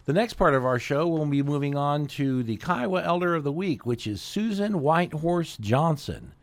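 A man's voice: on the high side, expressive, normal speed, no echo. A man hosting a community radio talk show in an easygoing, casual way. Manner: easygoing, with fillers and restarts.

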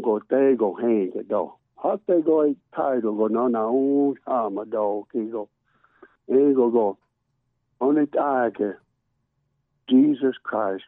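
A man's voice: mid-range voice, no room sound. A man giving a rhythmic, repetitive spoken prayer. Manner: rhythmic chanting with repeated words. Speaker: prayer giver. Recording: tinny phone line.

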